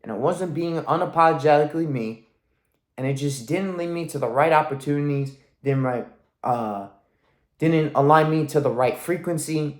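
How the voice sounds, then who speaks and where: A man's voice: medium pitch, reverberant. A man in his thirties ranting in a motivational vlog, intense and emphatic, swearing constantly as a coach. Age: 30s. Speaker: weight-loss coach.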